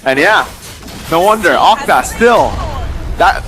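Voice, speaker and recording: A man breaking down an esports match as color commentator in a high voice, chatty and full of fillers. A faint music bed plays behind him. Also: moderate pace, poor audio. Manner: chatty, excitable, filler-heavy analysis. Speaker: esports analyst.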